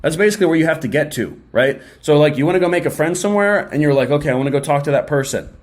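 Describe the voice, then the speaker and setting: A young man giving a casual motivational talk straight to his viewers, energetic and slangy, often acting out quick imagined exchanges. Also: a little high. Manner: energetic, slangy, acts out quick mock dialogues. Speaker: self-help video host.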